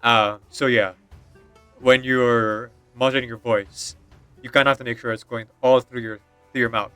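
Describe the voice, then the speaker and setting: Chatty laughing male gamer, bright voice. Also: medium pitch, level tone, moderate pace, clear, resonant tone, no echo, faint music behind. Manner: rambling, laughs often, many fillers. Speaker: streamer. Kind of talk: casual chat while gaming.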